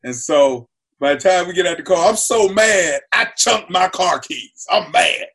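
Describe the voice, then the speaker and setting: A comedian guest on a talk show, telling stories in a lively way and acting out quotes, sometimes shouting. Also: male voice, high-pitched, unhurried, breathy edge. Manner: acts out quotes with loud shouting asides. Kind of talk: animated storytelling on a talk show.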